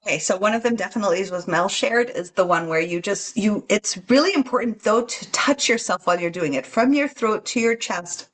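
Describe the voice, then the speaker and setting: A woman talking earnestly about staying calm while traveling, teaching and acting out the anxious voices in your head. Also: mid-range voice, fast talker, hardly any pauses, poor audio. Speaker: guest channeler. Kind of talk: spiritual podcast talk.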